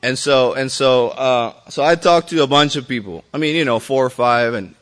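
A man's voice: medium pitch, moderate pace, a bit bright. A man speaking at a recovery meeting, telling his own story to the group in a loose, rambling way with many fillers and restarts and some mild swearing.

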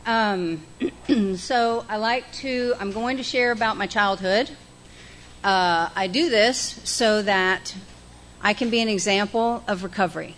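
A woman's voice: medium pitch, slow, fairly bright tone, slight background noise. Candid woman sharing her recovery. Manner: candid, self-deprecating, folksy. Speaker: recovery meeting speaker. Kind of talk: personal recovery talk with guided breathing.

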